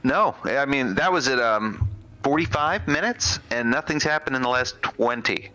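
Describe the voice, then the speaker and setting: A man's voice: medium pitch, expressive, normal speed, pushed and bright, soft background music, rough recording. A man co-hosting a live game stream, trading easygoing, self-deprecating banter. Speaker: stream co-host and commentator. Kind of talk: casual live-stream commentary.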